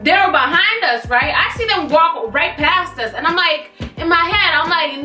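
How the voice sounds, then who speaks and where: A young woman in her twenties tells a storytime on her vlog, sassy and blunt, full of slang. Her voice is high and bright. She sounds a little far from the mic in an echoey room with faint music underneath. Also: animated, normal speed, few pauses. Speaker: vlogger.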